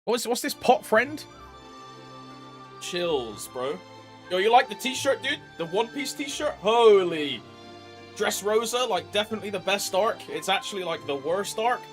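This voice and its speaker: A man's voice: sits high, expressive, unhurried, fairly bright tone, soft background music. A young man streaming a game, greeting chat by name, with frequent laughs and slangy banter. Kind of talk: casual live-stream chat.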